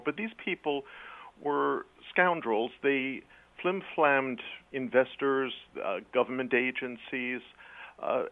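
A man from New York City talks about his book as a radio guest. He speaks in a measured way with frequent fillers. His voice comes through a tinny phone line. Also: medium pitch.

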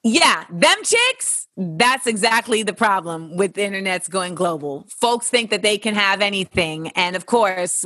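A woman's voice: lowish voice, fairly bright tone, no echo. A young woman hosting a casual chat and answering listener questions in a blunt, candid, sometimes profane way. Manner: blunt, candid and profane, with playful voices for quotes.

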